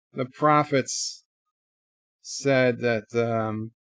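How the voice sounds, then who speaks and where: A man's voice: medium pitch, steady tone, drawn-out words, a bit bright, clear, resonant tone, no room sound. A man giving a casual live reaction to a TV episode, retelling the plot with quoted lines and offhand asides. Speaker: show reviewer.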